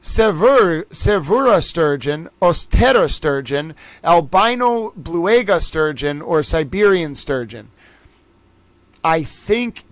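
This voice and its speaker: A man hosting a livestream trivia game, reading out names and scores and chatting with viewers in a lively way. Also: on the high side, slow, dry recording. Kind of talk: casual livestream chat.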